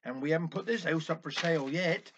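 Brief: man playing a teasing, easygoing husband, a touch lower, on a dull lo-fi recording. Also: fast, slight background noise, close to an everyday voice.

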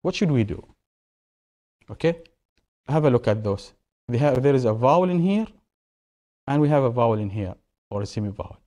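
A man's voice: mid-range voice, animated, moderate pace, pauses often, dark tone. A male English teacher, explaining grammar rules to a class, repeating key words and asking questions.

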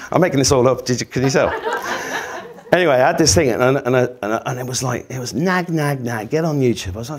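A man's voice: mid-range voice, lively intonation, fast talker, crowd noise. Sweary, rambling older Englishman. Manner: sweary, rambling, self-mocking. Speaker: podcast host giving a talk. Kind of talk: comic storytelling talk to a live audience.

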